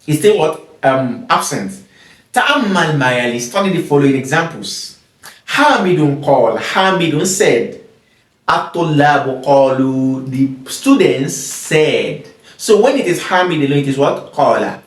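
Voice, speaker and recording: A man's voice: a little high, big pitch swings, measured pace. A man teaching an Arabic grammar lesson, reading example words, translating them, repeating them and checking whether his listeners understand. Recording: roomy echo, mic at a distance.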